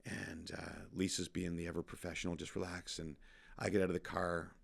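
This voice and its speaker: A middle-aged man with a very low, gravelly voice, a podcast guest telling animated stories in casual chat. He laughs at his own tales. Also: a little fast. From Canada. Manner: animated anecdote teller, laughs at himself. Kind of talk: casual storytelling.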